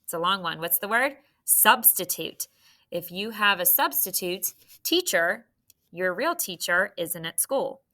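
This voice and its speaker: Casting: young woman, third grade teacher, slow encouraging phonics delivery, bright tone. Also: fairly low pitch, expressive. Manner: slow, encouraging, spells out letters. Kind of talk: phonics lesson to young students.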